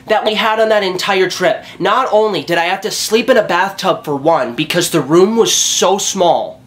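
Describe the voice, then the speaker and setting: A man's voice: high-pitched, moderate pace. A young man telling a story on his vlog in a casual, jokey way, swearing a lot. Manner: animated, profane, jokey storytelling. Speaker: vlogger.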